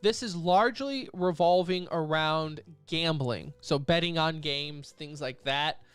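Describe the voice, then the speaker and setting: A man's voice: on the high side, unhurried, fairly bright tone, clean tone, no echo. A man co-hosting an esports podcast, running through news items in a loose, joking way. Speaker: podcast co-host. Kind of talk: casual esports podcast chat.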